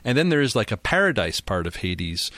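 A man's voice: lowish voice, very animated, brisk, fairly bright tone, dry recording. A man hosting a Bible discussion, reading verses aloud and asking leading questions. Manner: reads verses, then asks leading questions. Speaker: host.

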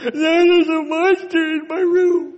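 A man's voice: flat delivery, takes it slowly, in a large hall, lo-fi sound. A man voicing his crying, frightened toddler son in a sermon story, insisting there is a monster. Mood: crying insistent. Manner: high wailing insistent child voice.

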